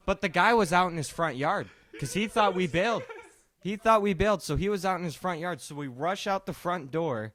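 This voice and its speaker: A young man co-hosting a podcast, telling a story casually and profanely, quoting people in a lowered voice. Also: animated, normal speed, fairly bright tone. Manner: profane, laid-back, quotes people in a lowered voice. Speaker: podcast co-host.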